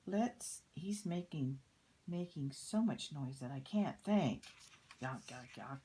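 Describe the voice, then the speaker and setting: An older woman reading a children's picture book aloud, soft-spoken and often slipping into a whisper. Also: rumbling low, expressive, unhurried, poor audio.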